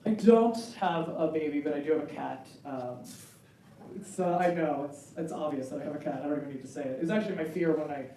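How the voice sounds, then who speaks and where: A woman in her forties doing a stand-up comedy set, animated and acting out bits in high squealing voices. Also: brisk, slight background noise. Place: comedy club stage. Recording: roomy club with loud crowd laughter, from far off.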